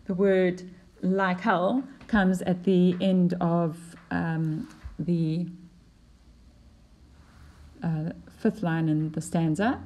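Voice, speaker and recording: Lady teacher going through a poem, slightly low voice, kinda slow, lots of ums. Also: a little mellow. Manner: explanatory, unhurried, with fillers and restarts. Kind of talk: poetry lesson over slides.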